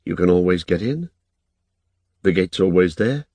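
A man's voice: animated, a little slow, warm tone, no room sound. A man reading an audiobook, voicing a wary but kind young woman by lifting his voice. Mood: brisk. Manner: lifts his voice higher for her.

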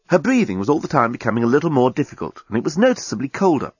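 A man narrating an audiobook in a lively, theatrical storytelling manner. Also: medium pitch, rapid-fire, few pauses, slightly rough, no echo, highs cut off.

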